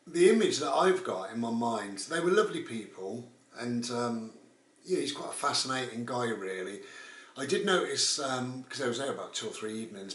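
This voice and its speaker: A man's voice: mid-range voice, a bit bright. A man, telling a rambling, casual story as a vlogger. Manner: rambling, with frequent "and all the rest of it". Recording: roomy, distant mic.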